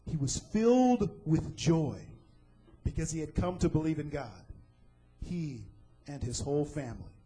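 A man's voice: a little high, animated, unhurried, mellow, slightly rough, faint music behind, rough recording. A man preaching a sermon, retelling a scripture story dramatically and asking the listeners questions.

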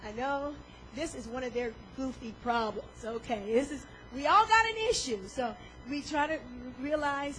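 High, bright-voiced woman preaching. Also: normal speed, slight background noise, rough recording. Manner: animated, acts out inner voices, swings loud and soft. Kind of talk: sermon.

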